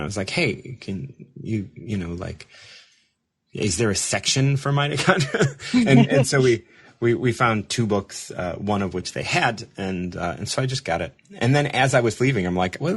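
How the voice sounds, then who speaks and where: A lower-voiced man hosts a casual show, spinning a rambling story. He mocks himself, laughs often and restarts his sentences as he gets animated. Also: breathy edge. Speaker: show host.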